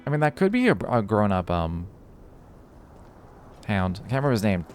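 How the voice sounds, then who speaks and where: A man's voice: lowish voice, sing-song, normal speed, a little hiss or hum. A male streamer giving let's play commentary, musing and reading game lore aloud with small stumbles into a desk microphone at home.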